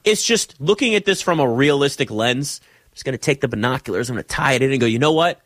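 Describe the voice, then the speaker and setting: A man's voice: medium pitch, lively intonation, fast talker, a bit bright, no echo, clean studio sound. A man hosting a nationwide sports talk show, chatting casually, teasing his producer and rambling through his opinions. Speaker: sports talk radio host.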